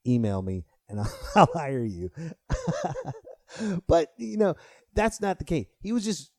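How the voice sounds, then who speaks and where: A man's voice: on the high side, measured pace, no room sound, studio quality. A man in his thirties, a stand-up comic hosting a podcast, telling a story in a casual monologue and swearing freely as he gets riled up. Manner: animated, swearing, rises sharply when riled. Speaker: podcast host and stand-up comedian.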